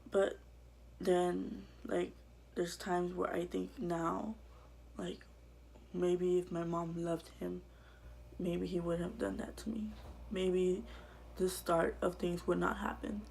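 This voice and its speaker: A woman vlogger telling her own life story to camera in a halting, quiet way that often drops to a whisper. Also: on the low side, little pitch movement, vocal fry, slight background noise.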